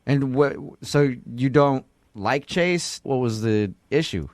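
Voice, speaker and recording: A man hosting a morning radio segment, brisk and teasing. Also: medium pitch, lively intonation, no echo, clean studio sound. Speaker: radio host.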